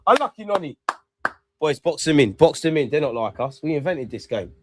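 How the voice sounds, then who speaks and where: Excitable football fan commentating. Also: male voice, fairly high pitch, brisk, background noise. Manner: excitable, talks to players and ref, swears. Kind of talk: live match watch-along commentary.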